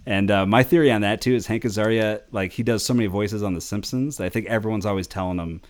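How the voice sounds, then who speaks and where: A man's voice: lowish voice, quick pace. A man hosting a casual podcast, rambling through entertainment news with frequent laughs and self-corrections. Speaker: podcast host.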